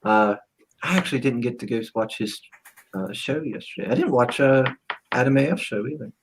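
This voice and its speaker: A man in the middle of his range hosts a casual livestream, relaxed and chuckling as he thanks his viewers. A faint hiss of background noise sits under his voice. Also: medium pitch, fairly quick. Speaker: stream host.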